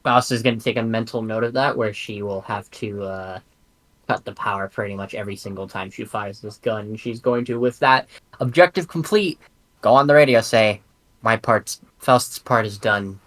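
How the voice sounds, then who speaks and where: A man's voice: lowish voice, steady tone, normal speed, fairly bright tone. A man playing in a tabletop game, talking casually and rambling, often correcting himself mid-sentence. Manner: rambling, self-correcting speech. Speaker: player.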